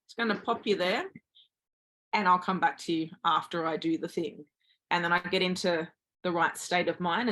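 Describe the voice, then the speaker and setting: A woman's voice: on the low side, a bit bright. Earnest woman coaching mindset. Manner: earnest, encouraging, acts out inner voices. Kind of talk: motivational talk.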